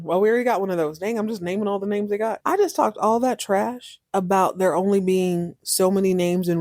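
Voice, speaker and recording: A woman hosting a podcast, recapping a TV episode in a chatty, animated way and repeating words for emphasis. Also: mid-range voice, dry recording, studio quality. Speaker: podcast host. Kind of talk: casual TV recap.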